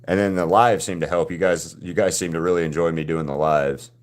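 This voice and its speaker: A man's voice: low-pitched, steady tone. A man hosting a live drawing stream, chatting casually with viewers and often restarting his sentences. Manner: halting, frequent restarts and repeated words.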